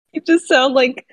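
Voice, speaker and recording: A woman co-hosting a podcast in casual chat, laid-back and quick to laugh. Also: sits high, fairly bright tone, poor audio. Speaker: podcast co-host.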